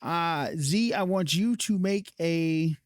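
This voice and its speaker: A man runs a live-streamed tabletop game, narrating in a slow, drawn-out way. His voice sits a touch high and he talks casually with some swearing. The recording is dry and close. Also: no echo. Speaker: game master.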